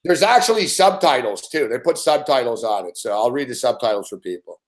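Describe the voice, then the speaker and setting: A man hosting a casual sports chat, excitable and swearing often, calling the other man "dude" and "man". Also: medium pitch, fairly quick. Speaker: show host.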